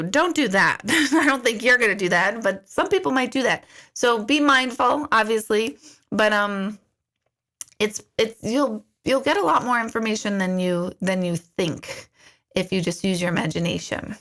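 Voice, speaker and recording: A middle-aged woman hosting a casual live-stream Q&A as an intuitive, chatty and storytelling, acting out her own remarks in lively asides. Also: medium pitch, normal speed. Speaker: intuitive medium answering viewer questions.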